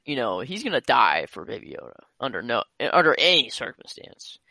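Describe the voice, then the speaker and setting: A male guest on a video call podcast, chatting in a loose and slangy way. His voice is bright and lively, and it swings freely up and down. The sound is dry and close. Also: mid-range voice, brisk, creaky, dry recording. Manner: animated, slangy. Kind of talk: casual chat.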